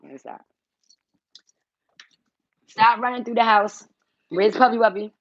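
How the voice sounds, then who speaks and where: A woman's voice: a little high, steady tone, unhurried, no echo, highs cut off. A woman hosting a casual livestream from home, blunt and teasing, swearing freely as she talks. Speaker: tarot reader and channel host.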